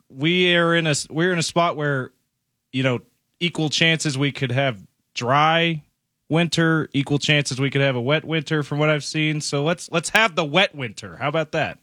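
Joking male radio co-host, bright voice. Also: on the high side, no room sound, clean studio sound. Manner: joking, storytelling, quick banter. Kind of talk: casual sports radio banter. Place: radio studio. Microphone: studio microphone.

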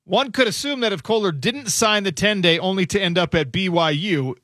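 A man's voice: high-pitched, fairly quick, pushed and bright, dry recording. A man hosting a sports radio show in a studio, musing aloud in a casual, conversational way. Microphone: studio microphone.

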